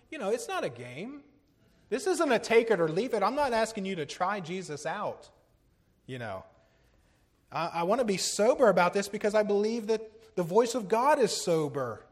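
A middle-aged man preaching a sermon, earnest, moving between urgent, louder lines and low, hushed ones, with a touch of self-deprecating humor.

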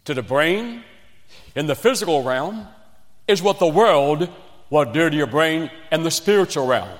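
Man preaching in an echoing hall. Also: a little high. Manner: storytelling preacher, quoting scripture with rising emphasis. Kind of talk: sermon. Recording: long reverb of a large hall.

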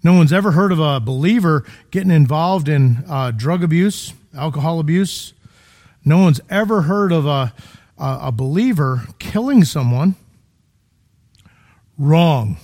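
A man's voice: fairly high pitch, expressive, a little slow, darkish tone. A man preaching a sermon in a conversational, emphatic way, full of rhetorical questions, in a church.

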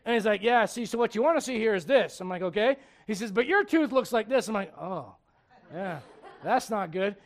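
An adult pastor with a high-pitched voice preaches an animated, slightly fast sermon, acting out dialogue in his stories and laughing at his own jokes. He gets loud for punchlines and drops low and quiet for serious points.

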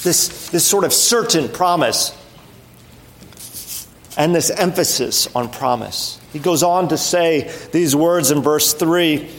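A man preaching a sermon in an earnest, conversational way, stressing key phrases and then dropping to a quiet, soft tone. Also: fairly high pitch, slow. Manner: earnest, emphatic, with rising stresses and quiet drops; conversational with fillers and restarts. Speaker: pastor.

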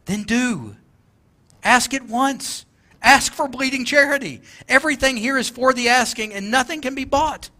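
Man playing a bright, earnest saved young man, soft pleading reassurance. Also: very high voice, normal speed, pitched above the performer's own voice.

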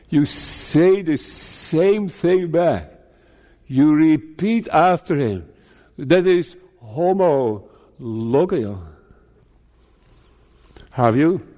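A man preaching a sermon as pastor, slow and deliberate, putting rhetorical questions to his listeners. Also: a little high, darkish tone. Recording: long reverb of a large hall.

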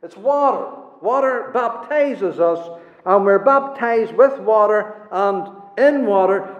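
A man's voice: high voice, slow pace. A man preaching a sermon, emphatic and repeating his key words for weight. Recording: echoey hall, dull lo-fi sound.

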